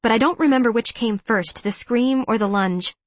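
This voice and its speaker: A woman giving an intense, measured first-person audiobook narration. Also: a little high, dry recording.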